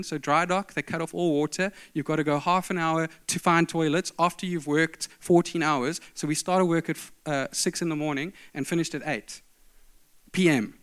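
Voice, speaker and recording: A man's voice: on the high side, smooth. A middle-aged man preaching a sermon, telling stories with emphatic, varied delivery.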